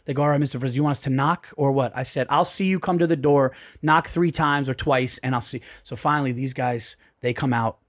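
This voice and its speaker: Profane, excitable man telling a story. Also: mid-range voice, a little fast, hardly any pauses. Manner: profane, excitable, acts out voices. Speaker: podcast guest, comedian. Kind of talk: animated storytelling. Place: podcast studio. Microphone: studio mic.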